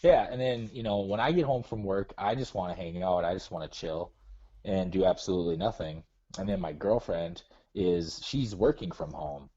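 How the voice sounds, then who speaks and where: A man with a low, mellow voice calls in and chats casually. He grumbles about himself in a self-deprecating way. His voice comes through a dull, lo-fi line. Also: normal speed, breathy edge. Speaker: caller. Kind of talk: casual chat.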